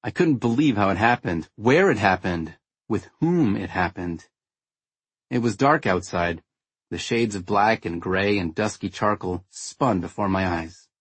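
A man narrating a first-person story in a wry, understated way, with a husky tone. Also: on the low side, animated, unhurried, no echo. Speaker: audiobook narrator.

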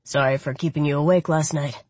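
A woman voicing a smug, confident male lover in an audiobook, with a low, sultry, teasing delivery and a husky tone. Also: steady tone, brisk, a little mellow, no room sound. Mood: playful.

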